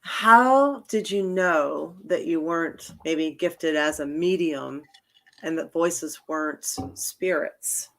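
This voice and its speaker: A woman's voice: low-pitched, slow pace, fairly bright tone. A woman hosting an interview, giving brief reactions and asking direct questions. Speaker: host.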